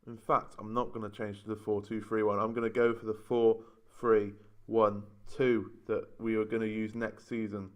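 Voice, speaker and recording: A man's voice: on the low side, flat delivery, moderate pace, hardly any pauses, clean tone. Exasperated man moaning over a game. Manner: moaning, exasperated running commentary. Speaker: gaming YouTuber. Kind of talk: casual let's-play commentary.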